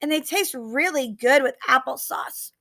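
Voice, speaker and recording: A woman's voice: sits high, a little slow, vocal fry, pushed and bright, heavily acted. A woman voicing a chatty, confident young schoolboy in a read-aloud storybook.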